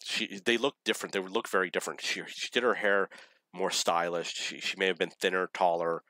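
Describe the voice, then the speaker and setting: A man's voice: low voice, steady tone, fairly quick, pushed and bright, dry recording, poor audio. A man casually telling dating stories in a rambling, self-correcting, wry way. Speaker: storyteller.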